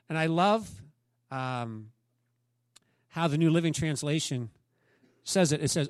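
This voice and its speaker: Male pastor, sermon, animated storyteller, asks the congregation questions, fairly high voice, dry close sound. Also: measured pace, dry recording.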